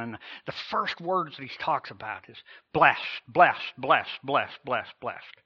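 Male pastor, mid-pitched, preaching with drawn-out emphasis; slightly dull recording. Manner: emphatic preaching with dramatic slow pauses and pitch swells. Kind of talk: sermon.

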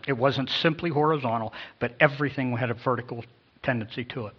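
A male pastor preaching a sermon in an emphatic way, with sudden swells in loudness. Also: mid-range voice, quick pace, breathy edge. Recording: dull lo-fi sound.

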